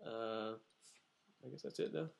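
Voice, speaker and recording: A young man in casual chat introducing a game podcast, relaxed and rambling with fillers. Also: medium pitch, unhurried, creaky, a little hiss or hum. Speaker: player and co-host.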